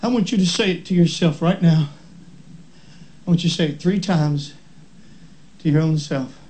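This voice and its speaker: A man preaching a sermon, stretching out each word and building up to shouting. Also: a little high, low-quality recording. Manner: slow, drawn-out emphasis on each word.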